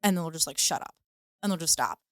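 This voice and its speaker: Woman, low voice, rambling casual chat, lots of fillers, dry recording. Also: animated, quick pace, a bit bright, dry recording. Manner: rambling, many fillers and likes. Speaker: podcast co-host.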